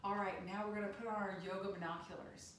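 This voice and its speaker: A woman teaching a yoga class for children, giving gentle sing-song instructions. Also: medium pitch, little pitch movement, fast talker, a little hiss or hum. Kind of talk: guided kids' yoga class. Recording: echoey room, distant mic.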